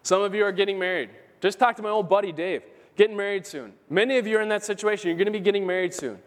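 A man's voice: sits high, quick pace. A man pastor preaching an earnest, emphatic sermon in a church, repeating key phrases for emphasis. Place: church sanctuary. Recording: long hall reverb.

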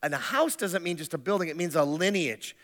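A man preaches with a bright, forceful voice pitched a little high. He keeps it conversational and joking, tripping over restarts, and his words ring out with a long hall reverb. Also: a little fast. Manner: conversational, humorous, with frequent restarts. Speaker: pastor. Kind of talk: sermon.

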